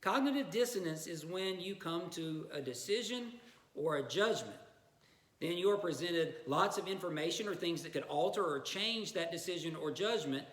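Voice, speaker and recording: A man's voice: fairly high pitch, animated, normal speed, fairly bright tone. Echoey preacher man, chatty storytelling. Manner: conversational storytelling with asides. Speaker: pastor. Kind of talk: sermon. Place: church. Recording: echoey room.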